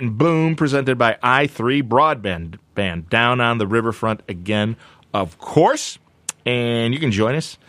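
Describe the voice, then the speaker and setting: A man hosting a radio talk show, telling a story in a playful, animated way. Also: mid-range voice, no room sound. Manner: animated, playful, does silly voices.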